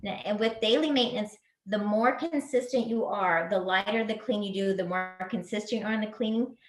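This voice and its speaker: A woman's voice: mid-range voice, a little fast. Chatty woman teaching in an echoey room. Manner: chatty, practical, with fillers and restarts. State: throat choked up, clearing throat. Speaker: cleaning workshop presenter. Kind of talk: casual instructional talk. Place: community room.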